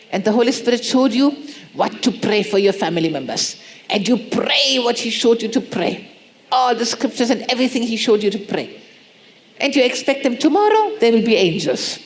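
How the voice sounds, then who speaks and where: A woman preaching a sermon, pressing points with repeated rhetorical questions and acting out soft prayers. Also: fairly high pitch, a little hiss or hum. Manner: acts out prayers in soft pleading tones.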